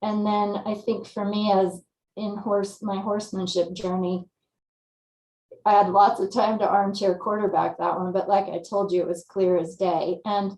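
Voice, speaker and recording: A woman from California, a guest telling her story in a lively, casual way and acting out her own thoughts. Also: medium pitch, normal speed, reverberant, poor audio. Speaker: interview guest.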